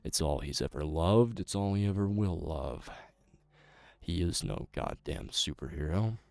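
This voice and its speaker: A scornful villain monologue, dropped low and dragged out slowly with long dramatic pauses, as a man puts it on. The voice is gravelly, with a lively swing between phrases, and sits close on a dry mic. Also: no echo, full character voice. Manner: slow, low, theatrical monologue with heavy pauses. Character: bitter male villain denouncing a false hero.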